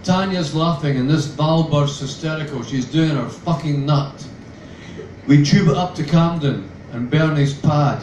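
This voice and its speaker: A man reads his own novel aloud with a dry, sardonic edge. His voice sits a little high for a man. The sound is roomy and picked up from a distance, with faint ambience behind. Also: a little slow, a little mellow, dull audio, slight background noise. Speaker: author reading.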